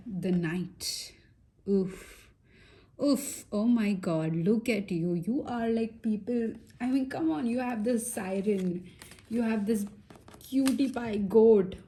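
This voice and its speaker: Slow, mellow-voiced woman reading tarot. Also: medium pitch. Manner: chatty and reassuring, many fillers and asides, drops into soft whispers. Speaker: tarot reader. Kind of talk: casual pick-a-pile tarot reading.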